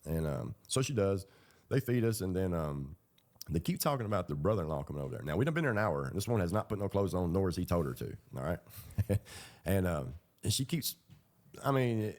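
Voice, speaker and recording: A man's voice: low voice, very animated, fairly quick, darkish tone. A man telling his own story in a loose, rambling, colloquial way. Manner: rambling, colloquial, with fillers and laughs. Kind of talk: casual storytelling.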